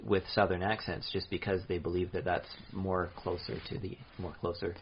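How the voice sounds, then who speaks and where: A man's voice: deep voice, flat delivery, moderate pace, slight background noise. A man co-hosting a podcast in casual chat, explaining hesitantly with many fillers. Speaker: podcast co-host. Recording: dull lo-fi podcast audio.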